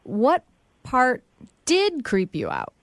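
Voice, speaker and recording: A woman co-hosting a morning radio segment, quick, wry and outspoken. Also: sits high, wildly swooping pitch, no room sound, clean studio sound. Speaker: radio co-host.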